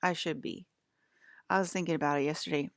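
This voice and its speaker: East coast woman in her 30s, deep and creaky voice, dry close sound, rambly vlog talk. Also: steady tone, fast talker, no room sound. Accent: American East Coast. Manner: rambling, laughs often, drops to whispers. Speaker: vlogger. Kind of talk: casual monologue to viewers.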